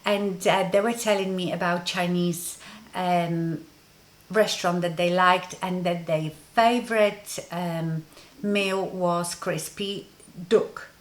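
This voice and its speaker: Slow-talking Polish-accented woman vlogger. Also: fairly low pitch, fairly even intonation. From Poland. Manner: rambling, conversational, frequent ums. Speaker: beauty vlogger. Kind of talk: casual story-time monologue.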